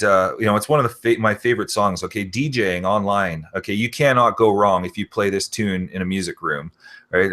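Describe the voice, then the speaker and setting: A man's voice: lowish voice, bright, forceful tone. A man talking in a rambling casual conversation, full of fillers like "you know" and "okay".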